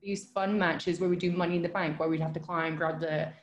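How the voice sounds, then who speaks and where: A woman's voice: fairly low pitch, steady tone, brisk, echoey room, slight background noise. A woman guest telling stories in casual chat, laughing often and saying "dude" and "like". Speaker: guest wrestler.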